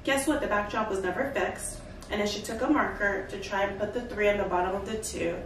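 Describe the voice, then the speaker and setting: A woman telling a story casually to camera, chatty and animated, with asides. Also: mid-range voice, a little fast. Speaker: vlogger and fashion designer. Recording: echoey room, distant mic, background noise.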